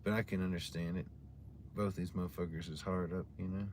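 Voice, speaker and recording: A man's voice: low-pitched, little pitch movement, brisk, a little mellow, slight background noise. A man casually telling stories to his livestream audience in a rambling, heavily profane way while drinking a beer. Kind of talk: casual storytelling chat to a live audience.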